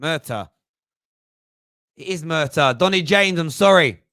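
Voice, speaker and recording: A man hosts a casual fan phone-in stream, talking things through out loud and laughing at his own slips. His voice sits a touch higher than most men's. It is recorded dry, close to the mic, with no room sound. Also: expressive, measured pace, no room sound. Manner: chatty, self-mocking, thinks aloud. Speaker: host of a fan phone-in show. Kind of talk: casual live-stream chat.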